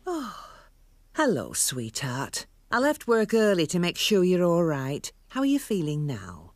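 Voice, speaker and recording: A woman's voice: lowish voice, huge pitch swings, a little slow, no room sound, exaggerated voice. A woman voicing a caring, worried cartoon mother who fusses over her family, over faint music. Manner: fussing, concerned.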